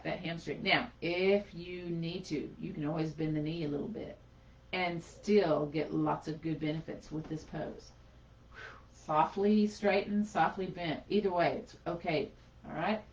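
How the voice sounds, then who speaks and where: Woman teaching yoga in an echoey room. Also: lowish voice. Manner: encouraging, chatty, talks while doing poses. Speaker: yoga instructor. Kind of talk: guided gentle yoga class. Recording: echoey room, far from mic, dull lo-fi.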